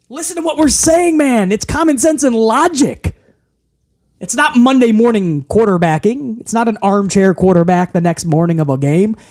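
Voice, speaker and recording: On a wrestling commentary stream, a man with a high, darkish voice reads chat messages aloud. He's hyped and emphatic, swearing freely.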